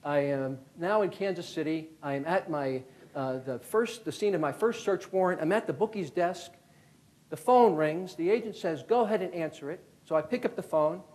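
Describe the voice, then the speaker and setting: A man near fifty, once with the FBI and hailing from Connecticut, USA, gives a keynote full of vivid stories where he impersonates the people involved. He speaks at a moderate pace with a fairly high pitch.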